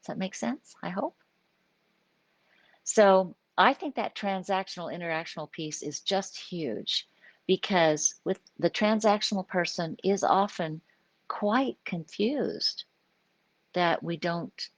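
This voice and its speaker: A woman's voice: lowish voice, slow, no echo. An older woman, a psychologist, talking informally in a live stream, explaining ideas and often checking in with "right?". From US Pacific Northwest. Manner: conversational, explaining with frequent "right?" check-ins.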